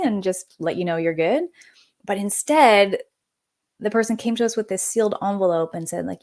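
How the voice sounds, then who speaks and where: A woman in her forties, a naturopathic doctor and podcast guest, telling a personal story in a lively, conversational way and acting out the people she quotes. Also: mid-range voice, normal speed.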